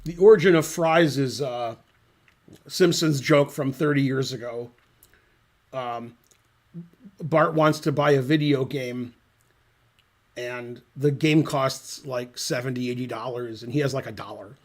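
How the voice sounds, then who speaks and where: A man's voice: mid-range voice, a little slow, pauses often. A middle-aged man doing casual live chess commentary, wandering off into dry, rambling anecdotes between moves. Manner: rambling, dry, digressive storytelling.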